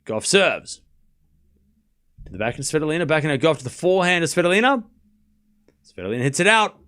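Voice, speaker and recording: Man on a watchalong stream, animated tennis play-by-play with chat asides, slightly higher voice. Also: smooth. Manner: quick play-by-play, chatting with viewers between points. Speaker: streamer doing live tennis commentary. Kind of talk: live watchalong commentary and chat reading.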